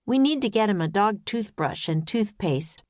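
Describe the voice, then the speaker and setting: A woman's voice: medium pitch, lively intonation, normal speed, a little mellow, dry recording, studio quality, close to an everyday voice. A woman reading a storybook voices a careful, bookish young boy, sensible and matter-of-fact.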